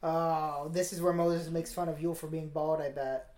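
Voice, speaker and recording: A woman co-hosting a podcast, chatting casually with wry, deadpan asides while watching a movie. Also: sits low, moderate pace, roomy sound. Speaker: podcast co-host.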